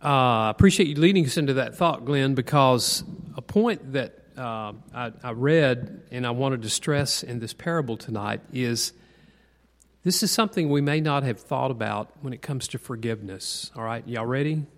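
A man's voice: medium pitch, moderate pace. A man teaching a Bible class in a conversational sermon style, asking the group questions and repeating key points for stress. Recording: long hall reverb.

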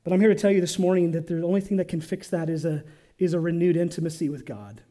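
A male pastor preaching a sermon in church, calling on the congregation to respond and swinging from loud to hushed. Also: fairly high pitch, quick pace.

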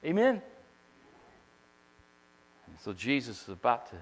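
A man preaches a sermon in a bright, high voice, calling on the congregation to repeat his words. He drops to quiet asides, then climbs to ringing shouts. His voice rings out with a long reverb, as in a church sanctuary. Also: fairly quick. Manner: call-and-response preaching, swings from quiet to shouting. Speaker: pastor.

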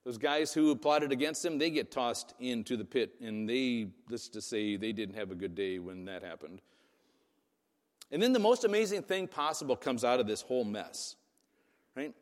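A man's voice: medium pitch, lively intonation, normal speed, in a large hall. A man preaching a sermon in a casual, conversational way, often asking "right?" to his listeners. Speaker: pastor.

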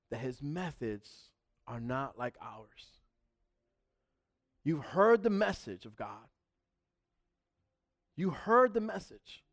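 A man preaching a sermon in a fervent, emphatic style, driving points home through repetition. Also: on the high side.

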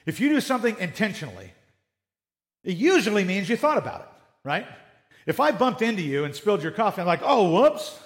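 High-voiced man preaching a sermon. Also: sing-song, quick pace, long pauses. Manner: conversational, acts out little dialogues. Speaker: pastor.

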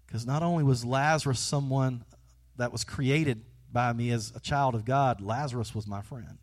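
A pastor preaching a sermon, switching between conversational asides and hushed, earnest passages, with playful jokes aimed at the congregation. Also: mid-range voice, moderate pace.

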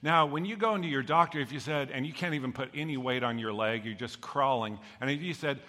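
A male pastor preaching a sermon with a bright, forward voice. He tells the story with animated energy and acts out the voices of its characters. His voice rings with the long reverb of a large hall. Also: medium pitch, fast, hardly any pauses.

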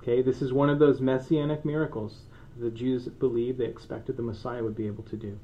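A man preaching from the pulpit at a middling pitch, casual and playful, with frequent laughs and asides. The recording is a bit muffled and dull. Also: steady tone, brisk, a little hiss or hum. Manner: conversational, joking asides, laughs often. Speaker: pastor. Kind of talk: sermon. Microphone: microphone.

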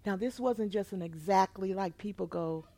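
A woman pastor telling a personal testimony in a sermon, moving between quiet, hushed storytelling and loud, emotional outbursts. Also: medium pitch, moderate pace.

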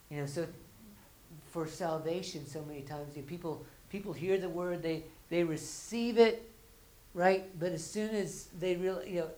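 A woman's voice: sits low, warm tone, slight background noise, rough recording. A woman preaching a conversational sermon. She restarts and repeats words, and she acts out the everyday voices of her listeners.

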